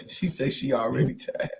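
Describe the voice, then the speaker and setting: A man with a Chicago accent hosting a casual livestream, talking loosely and shouting out his viewers. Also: medium pitch, vocal fry, a little hiss or hum. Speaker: livestream host. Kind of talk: casual live-stream chat.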